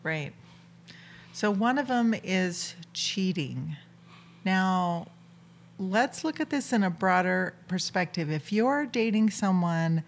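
A woman co-hosting a podcast in a casual chat, bubbly and quick to laugh. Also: mid-range voice. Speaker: podcast co-host.

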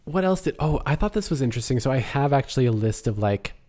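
A man's voice: mid-range voice, animated, fast talker, warm tone. A man co-hosting a casual chat about a film, talkative, laughing often and trailing off mid-sentence. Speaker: podcast co-host.

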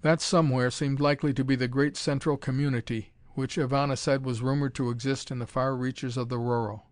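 A man narrating an adventure audiobook in a measured, even storytelling manner on a close mic. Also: mid-range voice, dry recording. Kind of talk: scripted narration.

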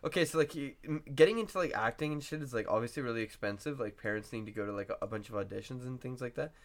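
A man's voice: mid-range voice, rapid-fire. A young man co-hosting a podcast, rambling in casual chat with many filler words. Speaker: podcast co-host.

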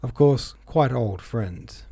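A man's voice: mid-range voice, animated, takes it slowly, vocal fry, mellow, husky, no echo, heavily acted. A man reading a novel aloud, voicing a charming, cool-mannered young officer.

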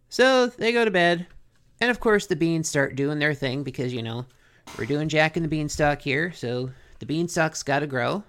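A podcast host recapping a cartoon episode in a joking, animated way. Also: mid-range voice, normal speed. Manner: animated, joking, self-questioning.

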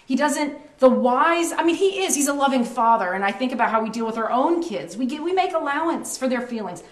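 A woman's voice: high voice, expressive, brisk, hardly any pauses. A woman in her thirties sharing a faith testimony in casual chat, earnest and storytelling, often restarting her sentences. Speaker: ministry co-host. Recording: roomy echo.

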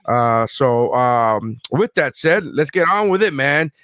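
A man's voice: mid-range voice, expressive, slow, a bit bright, no room sound, studio quality. A man hosting a casual podcast, rambling and joking with lots of swearing. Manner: profane, rambling, joking rants. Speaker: podcast host.

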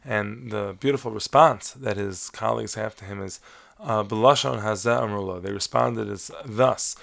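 A man giving a measured, explanatory Torah lesson, weaving Hebrew terms into his teaching. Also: fairly low pitch, vocal fry, fairly bright tone. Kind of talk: lecture-style lesson on Talmud stories.

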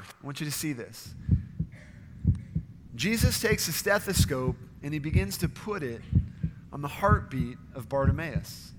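A man preaching a sermon as pastor, earnest and steady, sometimes acting out quoted voices. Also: on the high side, big-room sound.

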